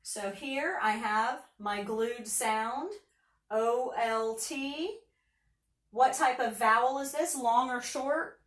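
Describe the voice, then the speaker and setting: Teacher lady sounding out words real slow, kinda high voice, echoey room. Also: a bit bright, distant mic. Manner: slow, patient, sounding out letters. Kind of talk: phonics lesson for children.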